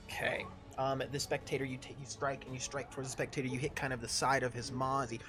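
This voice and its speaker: A man acting as game master for a tabletop game, talking in a middle-pitched, everyday voice. He hesitates often with fillers and apologizes as he sorts out turns, while faint music plays behind him. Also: little pitch movement, fast. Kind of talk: running a live-streamed tabletop game.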